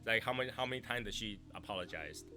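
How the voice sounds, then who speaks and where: A man's voice: fairly low pitch, fast, bright, forceful tone, faint music behind. A man hosting a livestream chat who rambles, restarts his sentences and reads viewer messages aloud. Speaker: livestream host. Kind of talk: casual chat.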